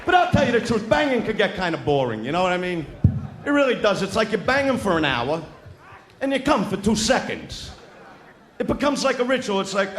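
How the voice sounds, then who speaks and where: A man doing a crude stand-up routine in front of a live audience. He is loud and brash, taunts people in the crowd and often shouts. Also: high-pitched, sing-song, fairly quick. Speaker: stand-up comedian. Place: large live venue with an audience. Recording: echoey live show with crowd noise.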